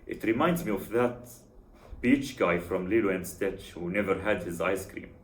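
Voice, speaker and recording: Man, lowish voice, dry sarcastic commentary read, roomy echo. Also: moderate pace. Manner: wry, sarcastic. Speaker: YouTube commentator. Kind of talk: scripted voice-over commentary. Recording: echoey room.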